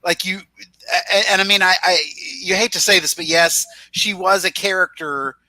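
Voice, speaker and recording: A man's voice: high-pitched, steady tone, moderate pace, sharp tone, no room sound, poor audio. A man talking thoughtfully as a fan panelist in a casual discussion, often restarting his sentences.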